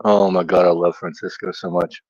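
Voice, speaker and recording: A man's voice: low voice, little pitch movement, normal speed, a little mellow, breathy edge, no room sound, muffled recording. A middle-aged man with a Southern US accent, co-hosting a casual livestream, chatty and laughing at himself. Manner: laughs easily, chatty and self-teasing. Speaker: livestream co-host.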